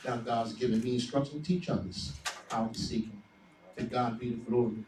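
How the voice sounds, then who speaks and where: A man's voice: medium pitch, steady tone, brisk. A man, a deacon giving a fervent testimony with a preaching cadence. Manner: fervent, builds to loud proclaiming. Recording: echoey hall, distant mic, faint room noise.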